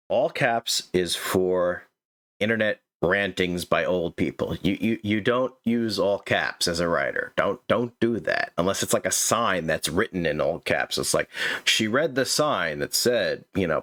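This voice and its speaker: Deep-voiced man critiquing writing bluntly. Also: expressive, a little slow, fairly bright tone. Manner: blunt, corrective, stammering restarts. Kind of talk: casual critique of a manuscript.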